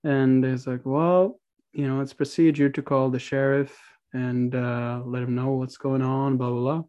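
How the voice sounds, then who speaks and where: A man's voice: medium pitch, level tone, unhurried, warm tone, dull audio. A young man from Norway, telling a story as a podcast guest in a laid-back way, swearing and laughing a lot. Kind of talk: casual storytelling.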